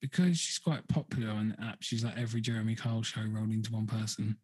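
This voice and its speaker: A man's voice: on the low side, steady tone, quick pace, darkish tone, husky. A man, hosting a casual chat, gossiping and swearing. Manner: gossipy, sweary, acts out quoted people. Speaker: podcast host.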